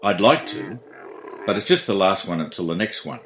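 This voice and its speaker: A man's voice: deep voice, expressive, normal speed, fairly bright tone, roomy sound, a little hiss or hum, rough recording. A man hosting a comic radio show, announcing in a dry, self-mocking way.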